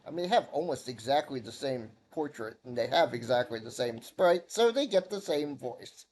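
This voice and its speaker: A man's voice: medium pitch, expressive, moderate pace, a little mellow, slight background noise. A male streamer giving chatty, wry commentary while playing a video game. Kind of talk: let's-play commentary.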